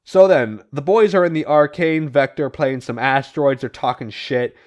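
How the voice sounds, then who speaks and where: A man's voice: fairly high pitch, moderate pace, lo-fi sound. A man hosting a casual podcast and recapping comic plots, swearing and laughing as he goes. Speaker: podcast host.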